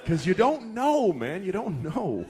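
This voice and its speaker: A man's voice: sits high, huge pitch swings, a little slow, a little mellow, some chatter behind. A man in his forties doing stand-up comedy, telling stories in a profane, exasperated way.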